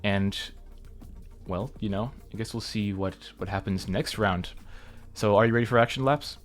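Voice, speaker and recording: A man commentating a game tournament live, excitable and often stammering as he restarts his sentences. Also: lowish voice, normal speed, faint music behind.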